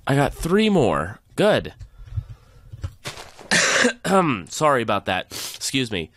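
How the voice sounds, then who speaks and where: A man's voice: medium pitch, wildly swooping pitch, takes it slowly, a bit bright. A man hosting a let's play, chatting and cheering or groaning at the game as he plays. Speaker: gaming channel host.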